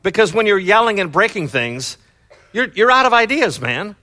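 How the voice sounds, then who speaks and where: Animated middle-aged pastor, bright voice. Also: male voice, normal speed. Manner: animated, swings from low asides to loud excited bursts; loose, chatty delivery with many fillers. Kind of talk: conversational sermon.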